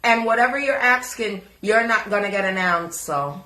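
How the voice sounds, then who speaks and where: A woman's voice: medium pitch, moderate pace, pushed and bright, echoey room. A woman giving crude, taunting reaction commentary and repeating words to mock someone. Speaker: commentary vlogger.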